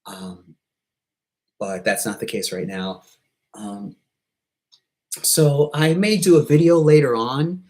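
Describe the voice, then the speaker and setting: A man talking in a casual vlog monologue, hesitant and halting, with many pauses, restarts and self-deprecating asides. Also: medium pitch, a little mellow, poor audio. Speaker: YouTuber.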